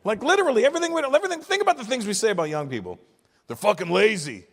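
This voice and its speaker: A man in his fifties from Canada doing stand-up comedy with profane, animated, exasperated ranting. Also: extremely high pitch, racing, in a large hall. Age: 50s.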